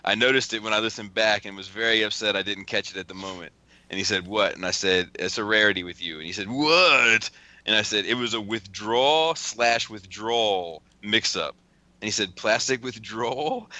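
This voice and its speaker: A man's voice: lowish voice, moderate pace, pushed and bright, dry recording. A man hosting a podcast, casually reading out text messages with a lot of cursing and laughing. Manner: profane, laughing often while reading. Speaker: podcast host.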